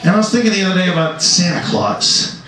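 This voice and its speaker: A young man doing a crude stand-up comedy set in a comedy club, often jumping into shouted voices. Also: high-pitched, big pitch swings, quick pace, slight background noise. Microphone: handheld stage mic. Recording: echoey club from far off, crowd.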